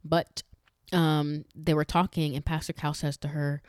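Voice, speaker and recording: A woman's voice: low voice, little pitch movement, a little slow, a little mellow, clear, resonant tone, no echo, clean studio sound. A woman hosting a faith-based podcast, talking earnestly and with emphasis, chatting directly to her listeners with frequent restarts. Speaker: podcast host.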